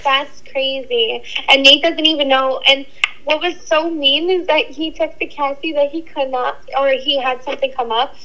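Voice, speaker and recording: A woman's voice: high voice, fairly even intonation, normal speed, pushed and bright, muffled recording. A young woman co-hosting a podcast, chatting casually and agreeably, often saying "literally". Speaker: podcast co-host. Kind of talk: casual chat.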